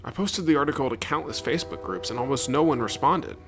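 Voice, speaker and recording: A young man narrating a comedy video in a dry, sarcastic, deadpan way. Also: medium pitch, quick pace, music in the background.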